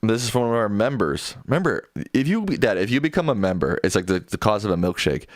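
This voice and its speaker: A man's voice: fairly low pitch, sing-song, quick pace, no room sound, clean studio sound. A younger man co-hosting a casual live stream, reading viewer questions aloud and joking playfully with his father.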